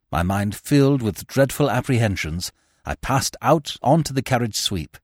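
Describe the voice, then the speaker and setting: Brief: theatrical male narrator for classic fiction, mid pitch, lively, dry studio. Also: normal speed, breathy edge, dry recording. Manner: expressive, theatrical storytelling. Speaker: audiobook narrator. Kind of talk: scripted dramatic narration.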